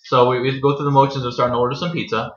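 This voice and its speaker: A young man from New York telling a college story in casual podcast chat, animated and profane, tagging lines with "right?". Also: medium pitch, racing, echoey room, lo-fi sound. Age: young adult. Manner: animated, profane retelling with many "right?" tags. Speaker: podcast co-host.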